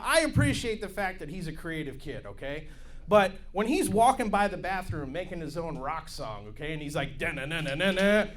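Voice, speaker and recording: A male comedian doing stand-up in a high, bouncy voice that swings all over the place. He hypes the room with rowdy crowd work. The voice comes through a handheld stage mic, with a faint crowd behind him. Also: a bit bright. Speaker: comedy club host. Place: comedy club stage with live audience.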